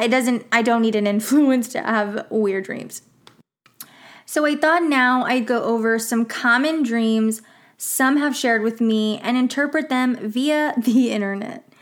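Chatty young woman, slightly high voice. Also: fairly bright tone. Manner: chatty, laughing, acts out quoted voices. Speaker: podcast host. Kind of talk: casual solo podcast chat.

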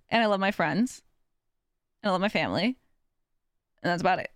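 In a clean, dry studio recording, a young woman with a medium-pitched voice hosts a podcast of casual personal talk. She laughs often, makes fun of herself, and performs the voices of people she quotes.

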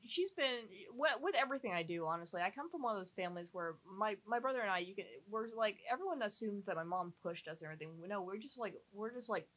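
A woman's voice: mid-range voice, animated, quick pace, few pauses, a bit bright, low-quality recording. An actress chatting casually in an interview, rambling and restarting her sentences with lots of fillers.

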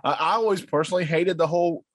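A man co-hosting a casual wrestling chat, speaking in a relaxed, drawn-out way and agreeing often. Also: fairly high pitch, dry recording.

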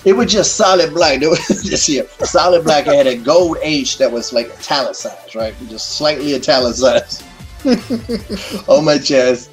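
A middle-aged man telling stories as a guest in a casual interview, animated and full of profanity. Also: a little high, normal speed, faint music behind.

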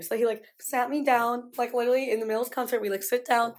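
A woman's voice: fairly high pitch, little pitch movement, rapid-fire, hardly any pauses. A young adult woman hosting a podcast, chatting casually and telling stories with lots of "like". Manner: chatty storytelling, heavy use of "like". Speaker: podcast host. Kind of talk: casual chat.

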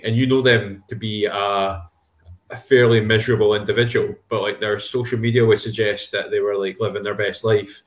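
Lowish male voice in an echoey room. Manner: halting, many restarts. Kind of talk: casual podcast chat.

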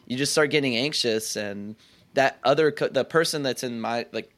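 A man's voice: medium pitch, normal speed, a bit bright. Young man rambling reflectively. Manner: rambling, reflective, heavy use of "like" and restarts. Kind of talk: casual conversation.

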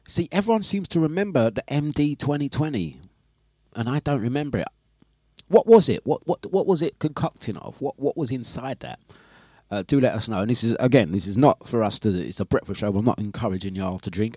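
Chatty radio DJ, dry sound. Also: male voice, medium pitch, expressive, brisk, darkish tone, no echo. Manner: chatty, reads out listener messages, laughs often. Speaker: radio DJ and host. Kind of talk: casual breakfast radio chat.

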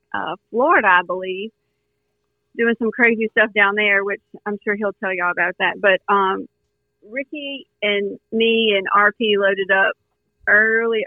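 A woman's voice: medium pitch, no echo. Woman telling a story over a tinny phone line. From Louisiana. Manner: animated, earnest, many fillers. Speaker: guest hunter. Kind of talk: storytelling in a podcast interview.

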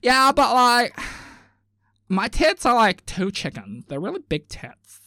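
A man's voice: extremely high pitch, very animated, slow pace, bright, forceful tone, no echo, clean studio sound, heavily acted. A man mocking a brash airheaded young woman. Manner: mocking, exaggerated. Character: boastful shallow young woman reality contestant.

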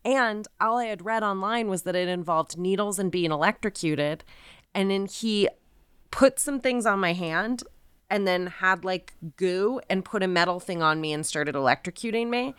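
A woman co-hosting a podcast, chatting casually and telling an animated story where she acts out the people she quotes. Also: mid-range voice, normal speed, clear, resonant tone, no room sound, clean studio sound. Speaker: podcast co-host. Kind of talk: casual chat.

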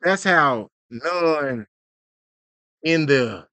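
Animated, slangy man podcast co-host. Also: a little high, very slow, no echo. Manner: animated, slangy, plays out skits. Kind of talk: casual podcast chat.

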